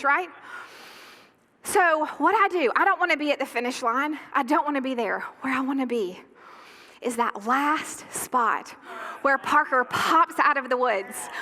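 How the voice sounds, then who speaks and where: Bright, high-voiced woman preaching passionately. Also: a little hiss or hum. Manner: impassioned, emphatic preaching with dramatic pauses. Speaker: pastor. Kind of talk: sermon. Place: church sanctuary.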